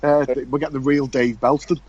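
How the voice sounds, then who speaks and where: A man's voice: mid-range voice, flat delivery, fairly quick, a little mellow, breathy edge, dry recording, dull audio. A man hosting a podcast, chatty and joking, often stumbling over his words. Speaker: podcast host. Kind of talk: casual podcast chat.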